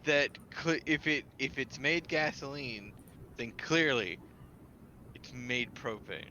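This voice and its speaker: A man's voice: mid-range voice, slow, sharp tone, highs cut off, a little hiss or hum. A man playing a tabletop game over voice chat, argumentative and easily exasperated. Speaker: player.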